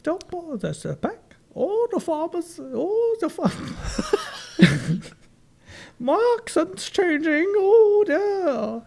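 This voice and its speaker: A man's voice: huge pitch swings, extremely slow, vocal fry, a little mellow, heavily acted. A man voicing a fussy, lisping male turkey in an improvised comedy skit, squealing and theatrical. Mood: indignant. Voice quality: lisp. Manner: squealing, theatrical, high-pitched.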